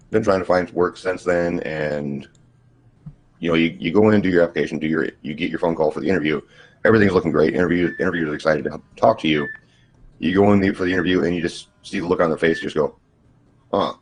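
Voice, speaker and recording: A man on a casual livestream call who talks with a slight stutter and halting restarts. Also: slight background noise. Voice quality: husky, deep, smooth voice. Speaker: guest.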